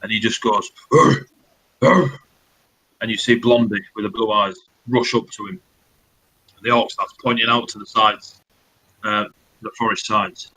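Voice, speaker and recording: A man's voice: lowish voice, flat delivery, normal speed, pushed and bright, rough recording. A man narrating as dungeon master, loose and sweary, with many fillers. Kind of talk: narrating a tabletop game.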